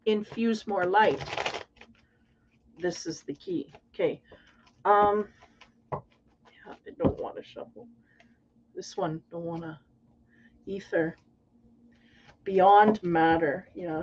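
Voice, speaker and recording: A woman's voice: medium pitch, lo-fi sound. A woman tarot reader giving a casual spiritual reading in a rambling, playful, conversational way.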